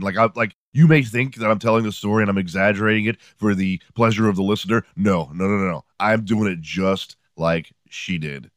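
A man's voice: on the low side, a little fast, hardly any pauses, dry recording, clean studio sound. A man in his forties hosting a podcast, telling rambling comedic stories in a profane, sardonic way. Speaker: podcast host. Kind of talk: comedic storytelling monologue.

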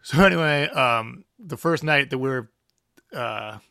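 A man's voice: medium pitch, lively intonation, a little slow, gravelly, sharp tone, smooth, no echo, clean studio sound. A young adult man, a guest musician, telling a rambling story with lots of fillers and laughs. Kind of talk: casual anecdote telling.

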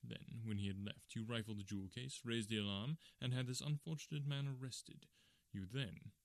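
A man voicing a calm, stern middle-aged male detective in measured, quiet tones in an audiobook. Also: medium pitch, no echo, lightly acted. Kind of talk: audiobook character reading.

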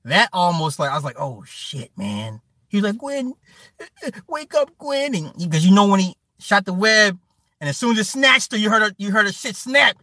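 Brief: man in his thirties, chatty stream host, bright, forceful tone, dry close sound. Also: sits high, fairly quick, dry recording. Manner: loud, profane, animated storytelling. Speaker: stream host reading chat. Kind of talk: casual chat.

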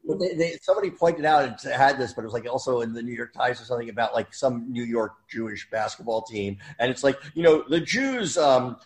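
A man chatting loosely among comedians, his stories wandering and full of asides. His voice sits at an ordinary middle pitch. He jokes easily and keeps circling back to his point. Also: animated, a little fast, hardly any pauses. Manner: rambling, joking storyteller. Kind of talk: casual comedy chat.

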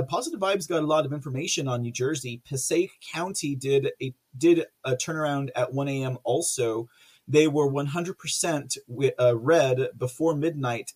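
Guy hosting a live stream, kinda high voice, rambly and chatty, lots of uh and um, laughs a lot. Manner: chatty and rambling, many fillers, laughs often. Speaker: political livestream host. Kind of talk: casual livestream commentary reading viewer chat.

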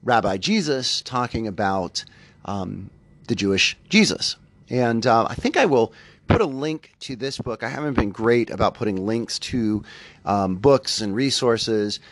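A man's voice: mid-range voice, lively intonation, a little slow, no echo. A man hosting a spiritual podcast, talking in a thoughtful, conversational way and often correcting himself as he goes. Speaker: podcast host. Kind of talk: reflective spiritual podcast talk.

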